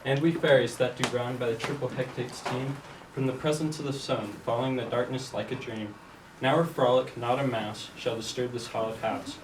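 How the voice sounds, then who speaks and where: A man reciting rhymed verse as Puck on an amateur stage, in a measured, rhythmic way. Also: medium pitch, steady tone. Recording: echoey room, distant mic, noisy.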